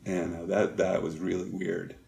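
Middle-aged man, very low voice, gravelly, halting and reflective, interview guest. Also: completely flat delivery, darkish tone. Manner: halting and reflective, many pauses and fillers. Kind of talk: candid personal storytelling.

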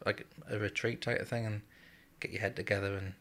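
A man tells his story in a podcast conversation. His voice sits on the low side with a bright, forceful edge, and he speaks bluntly, swearing freely and laughing as he goes. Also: flat delivery, a little fast. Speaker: guest, former RAF serviceman. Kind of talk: casual storytelling in a podcast chat.

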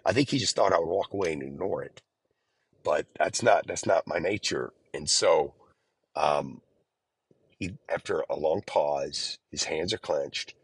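A man's voice: a bass voice, a little slow, breathy edge, no room sound, poor audio. A man earnestly recounting his own experience in a conversational storytelling style, often restarting his sentences. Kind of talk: personal storytelling.

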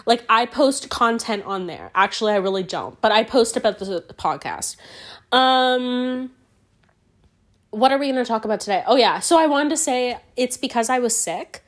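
A woman hosting a solo podcast, hoarse from a cold, talking in a rambling, profane and playfully sassy way. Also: on the high side, animated, normal speed. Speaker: podcast host.

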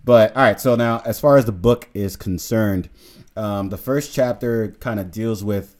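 A man with a very low voice and a lisp leads a relaxed podcast conversation. He speaks easygoing and unhurried, and fillers such as "um" and "you know" run through his talk. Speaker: podcast host. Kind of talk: casual podcast discussion.

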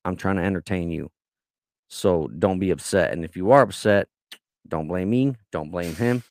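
A man co-hosting a podcast in casual chat, crude and profane, deliberately provocative. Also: sits low. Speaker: podcast co-host.

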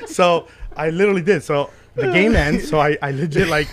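Young male comedian guest, loose rambling storyteller, slightly raised pitch. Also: animated, a little fast, a crowd in the background. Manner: laughing storyteller, rambling with restarts. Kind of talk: casual podcast chat.

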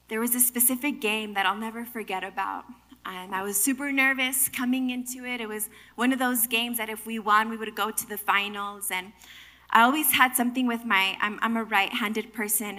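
A young adult woman preaching a sermon, telling stories with animated energy and dropping at times to soft whispers. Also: high-pitched.

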